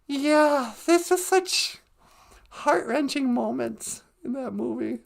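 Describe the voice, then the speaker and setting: Woman cohosting a podcast, chatty, talks slow with a high creaky voice. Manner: chatty, animated, quotes movie lines. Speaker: podcast co-host. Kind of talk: casual chat.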